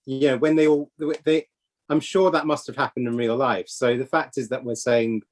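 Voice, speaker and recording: Tentative, halting man. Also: mid-range voice, flat delivery. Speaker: podcast co-host. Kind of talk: casual film chat.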